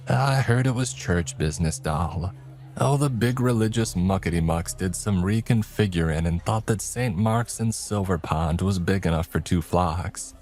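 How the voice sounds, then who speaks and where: A man's voice: low-pitched, moderate pace, darkish tone. A man voicing a folksy, wisecracking diner owner with slangy, teasing talk.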